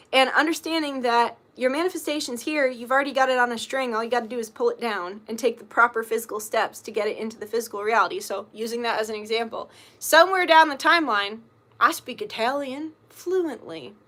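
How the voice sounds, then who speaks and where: On a casual livestream, a woman reads tarot and chats, rambling with plenty of fillers and occasional swearing. She speaks briskly, her voice on the high side with a fairly bright tone.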